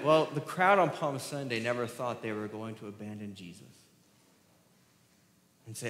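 A man's voice: medium pitch, moderate pace, long pauses, a bit bright. A male pastor preaching a sermon, asking the congregation questions and answering them. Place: church sanctuary. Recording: roomy church hall with long reverb.

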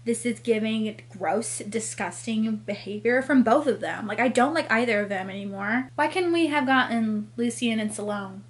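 Woman book vlogger, higher-pitched voice, casual exasperated rant. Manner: exasperated ranting, fast with many fillers. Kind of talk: casual reading vlog.

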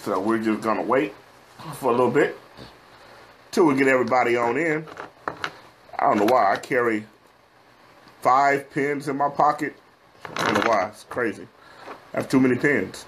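A middle-aged man with a Texan drawl, talking casually to viewers on a livestream. He is chatty and folksy, with plenty of "uh"s, and keeps calling his audience "guys" in a mid-pitched voice. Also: normal speed, pauses often, a bit bright, slight background noise. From Texas. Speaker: host of a business advice livestream. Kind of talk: casual live-stream talk to viewers.

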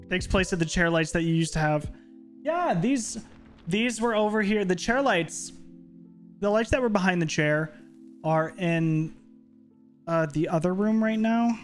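A man streaming a game from his home office, chatting casually and rambling with playful asides. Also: on the high side. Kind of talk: casual gaming stream chat.

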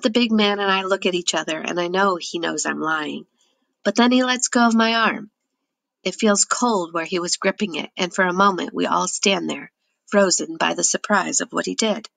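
A woman giving steady, measured first-person audiobook narration. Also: lowish voice, gravelly, no echo.

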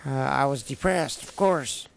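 Slow, gravelly-voiced man telling his story. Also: mid-range voice, a little hiss or hum. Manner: plainspoken storyteller with wry humor, halting restarts. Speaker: interviewee sharing his personal story. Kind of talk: candid personal testimony.

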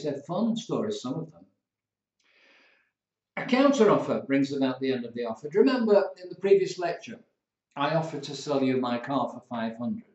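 A man, teaching law as a tutor, telling playful stories and acting out examples. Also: medium pitch. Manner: playful, animated storytelling with acted examples. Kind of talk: recorded lecture. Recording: roomy, dull lo-fi lecture recording.

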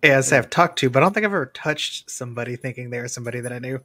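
A man's voice: medium pitch, expressive, racing, bright, forceful tone. A man playing in a tabletop game, chatting casually and teasing the others with playful questions. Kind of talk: casual chat.

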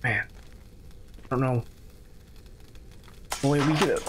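A man's voice: mid-range voice, expressive, normal speed, pauses often, noisy background. A man on a YouTube channel giving nervous, chatty running commentary while playing a horror game. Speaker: YouTube gamer.

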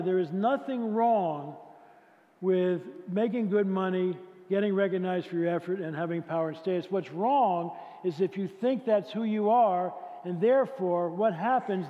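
High-voiced man speaking in a hall. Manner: conversational, poses rhetorical questions to the audience. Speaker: conference speaker. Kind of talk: motivational faith talk. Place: large conference hall. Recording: echoey hall, dull lo-fi sound.

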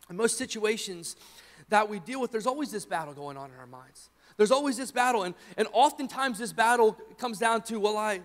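A young man preaching a sermon, telling a personal story in an animated way and acting out his own shouts. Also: high voice. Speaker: pastor. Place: church sanctuary. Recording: church hall reverb.

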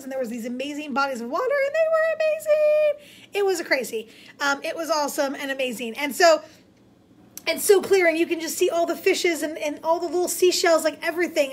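Woman, high voice, bubbly and excitable, casual kids' Bible lesson. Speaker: children's ministry teacher.

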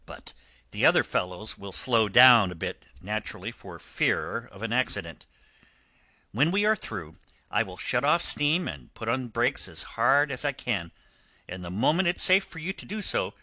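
A man's voice: mid-range voice, bright, forceful tone, dry recording. A man voicing a stern but kind-hearted engine driver who talks firmly in an audiobook reading. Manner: firm, instructing. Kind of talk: audiobook character voice.

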